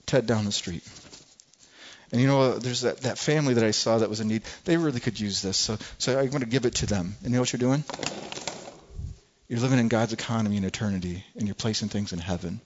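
A man preaching a sermon, telling a folksy, animated personal story with frequent restarts. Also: lowish voice, quick pace, muffled recording, a little hiss or hum. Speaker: pastor.

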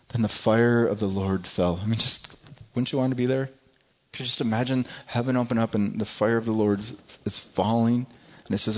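A man's voice: mid-range voice, steady tone, a little fast, a little mellow, dull audio. A man preaching a sermon, reading scripture aloud and asking the listeners rhetorical questions, often repeating and restarting words.

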